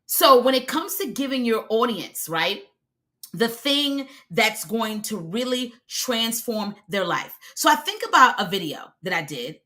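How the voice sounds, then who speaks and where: A woman's voice: a little high, very animated, unhurried, sharp tone. A woman in her forties with an American accent, giving an emphatic live-streamed coaching talk as a video visibility coach and talking to viewers in the comments. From United States.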